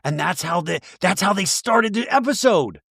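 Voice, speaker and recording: A man hosting a podcast, recapping a show in an animated, profane, joking way with frequent laughs. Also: high-pitched, normal speed, creaky, breathy edge, dry recording, clean studio sound. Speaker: podcast host. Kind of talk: comedic episode recap.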